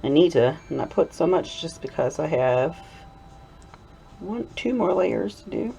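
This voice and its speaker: A woman's voice: low-pitched, measured pace, creaky. A middle-aged woman hosting a soap-making video, chatting and giggling through rambling asides, sometimes slipping into a playful Southern drawl. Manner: drifts into a playful Southern drawl when excited. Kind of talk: casual chat while crafting. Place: home workshop.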